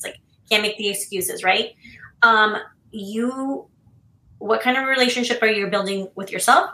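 Woman, podcast co-host, emphatic coaching talk, crisp bright voice, roomy echo. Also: fairly high pitch, normal speed. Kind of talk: casual podcast chat.

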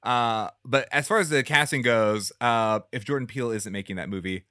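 A man co-hosting a casual movie podcast, animated and quick to laugh and exclaim. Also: mid-range voice, clean tone, no room sound, studio quality. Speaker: podcast co-host.

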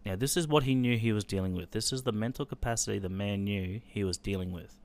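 Deep-voiced man, sombre and halting. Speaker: podcast host. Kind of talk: personal storytelling on a podcast.

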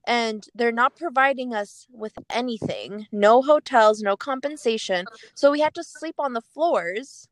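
A woman's voice: fairly high pitch, normal speed, dry recording. A young woman from a Kurdish family in America, co-hosting a casual chat and telling a personal story with many fillers. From Kurdish family living in America.

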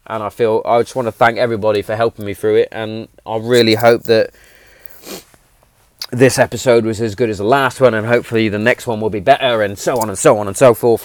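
A man's voice: lowish voice, darkish tone, dry recording. Earnest man in his thirties. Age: 30s. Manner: earnest, emphatic, swears freely, rambles. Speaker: podcast host. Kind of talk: casual heartfelt monologue. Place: home shed.

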